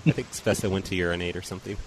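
A man's voice: low voice, steady tone, very fast, a little hiss or hum, poor audio. A man hosting a casual call-in show, joking with callers and laughing often. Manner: easygoing, teasing, laughs often. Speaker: show host.

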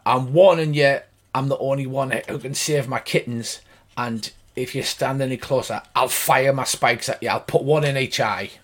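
A man's voice: medium pitch, normal speed, natural voice. A man voicing a huge, desperate manticore that threatens intruders to protect its kittens. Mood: threatening. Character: desperate hungry male manticore mother-figure, huge and wrathful.

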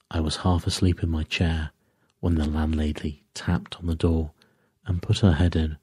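A man narrating a sleep story in a slow, measured way. His voice is very low, dark and husky. The sound is dry and close. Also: little pitch movement, dry recording. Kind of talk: scripted sleep-story reading.

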